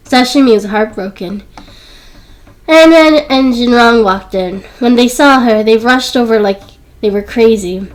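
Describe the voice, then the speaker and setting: A woman narrates a romance audiobook in a high, light voice. She reads in a steady storytelling manner and pitches up further whenever a character speaks. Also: moderate pace, low-quality recording. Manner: lifts her voice higher for quoted characters. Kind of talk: scripted narration.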